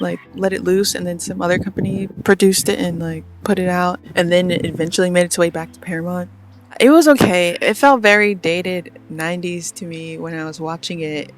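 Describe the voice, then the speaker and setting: A young woman rambles through her monthly film recap, tossing in filler words and casual slang. Her pitch sits in an ordinary middle range. Faint music plays quietly behind her. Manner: chatty, rambling, lots of "like" and slang. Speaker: vlogger reviewing films. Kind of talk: casual chat.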